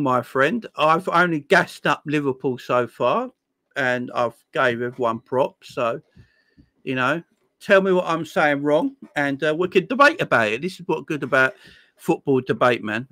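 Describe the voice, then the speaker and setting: A man's voice: on the high side, lively intonation, normal speed, bright, forceful tone, dry recording. A man hosting a casual live chat, reading viewer comments aloud, laughing often and calling people "my friend.". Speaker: livestream host.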